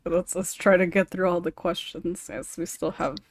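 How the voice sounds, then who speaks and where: A woman's voice: lowish voice, fairly even intonation, moderate pace, dry recording, clean studio sound. A woman hosting a casual panel podcast over a remote call mic. She reads listener questions aloud and laughs often. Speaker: podcast host.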